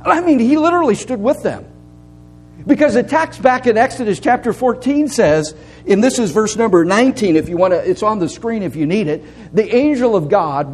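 A man's voice: sits high, a little mellow, slight background noise. A man preaching a sermon, reading scripture and building to raised, pressing appeals. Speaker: pastor.

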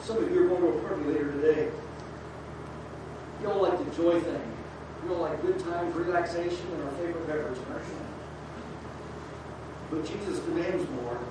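Preacher going from quiet pleading to loud and fired up, lots of questions at the crowd, far off mic, big echo, noisy. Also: normal speed, pauses often. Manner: swings from hushed, low pleading to loud, rising exhortation; emphatic, rhetorical questions to the congregation. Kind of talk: sermon. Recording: very echoey hall, distant mic, background noise.

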